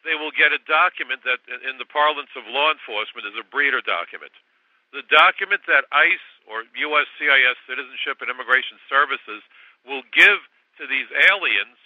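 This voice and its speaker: A man's voice: mid-range voice, no room sound. A man in his sixties, a guest on political talk radio, making his case in an emphatic, insistent way with sarcastic asides. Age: 60s. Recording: dry, tinny phone line.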